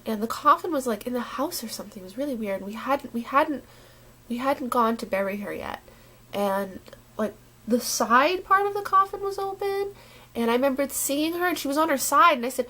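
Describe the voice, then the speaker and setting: A woman talking casually to her camera, rambling and halting with many restarts, sounding uneasy and worried. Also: high voice, animated, fairly bright tone. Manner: unsettled and worried. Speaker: vlogger.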